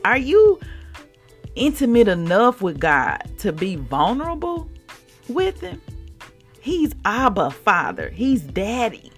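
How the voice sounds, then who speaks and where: A woman hosting a devotional faith podcast, speaking with a lively, swooping pitch and a gravelly edge. She talks in an expressive, heartfelt way, often acting out what others say. Faint music plays behind her. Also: slow. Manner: animated, expressive, acts out quotes. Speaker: podcast host.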